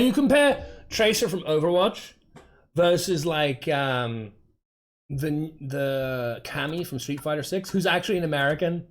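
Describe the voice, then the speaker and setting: A fairly high-voiced English man from Dorset chats on his game stream. He rambles from point to point, breaking off mid-sentence and leaning on fillers in an easygoing, conversational way. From England, Dorset. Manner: rambling, chatty, self-interrupting with many fillers. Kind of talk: casual chat while streaming a game.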